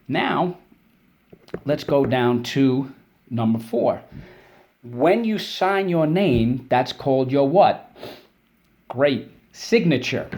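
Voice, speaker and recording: A man teaching a spelling and vocabulary lesson for kids, explaining words patiently and drilling them in call-and-response with quick praise. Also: mid-range voice, darkish tone.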